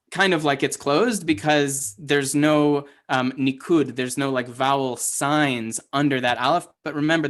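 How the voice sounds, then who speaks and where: A man's voice: medium pitch, a bit bright. Man teaching a class, stepwise and chatty. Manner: explains step by step, quizzes learners, many fillers. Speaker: Hebrew teacher.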